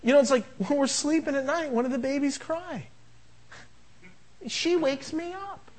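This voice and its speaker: A man's voice: very high voice, moderate pace, rough recording. A middle-aged man preaching a sermon, telling family anecdotes and acting out both sides of conversations with humor. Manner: anecdotal, jokey, acts out dialogue. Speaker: pastor.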